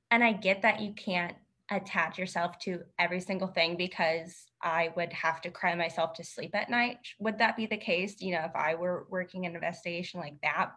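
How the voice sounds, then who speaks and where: Host slot: a thoughtful woman with a lowish voice, asking questions tentatively. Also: fairly bright tone. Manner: thoughtful, tentative, wondering aloud. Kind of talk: conversational interview.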